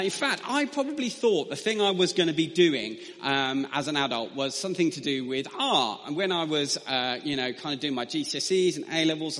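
A man's voice: fairly high pitch, fairly bright tone, big-room sound. A man telling a funny, self-deprecating story as a preacher in a sermon. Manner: humorous, self-deprecating anecdotes.

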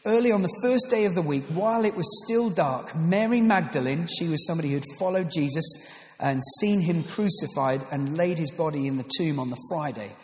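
A playful pastor with a high-pitched voice reads scripture and preaches with jokey asides. His voice rings around a church hall with long reverb. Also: expressive, brisk. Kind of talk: sermon with scripture reading.

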